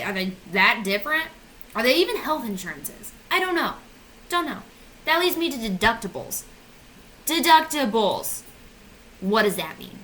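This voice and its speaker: A woman's voice: high-pitched, pushed and bright, a little hiss or hum, low-quality recording. A woman in her twenties ranting sarcastically on her vlog, swearing and mocking herself. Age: 20s. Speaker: vlogger. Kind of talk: casual comedic rant.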